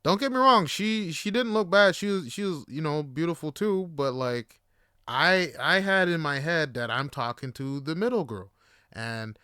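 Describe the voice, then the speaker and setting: A man's voice: moderate pace, smooth, dry recording, studio quality. Slangy young man telling a story. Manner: animated, slangy, swings from loud exclaims to low mutters. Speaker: podcast host. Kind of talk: casual storytelling monologue.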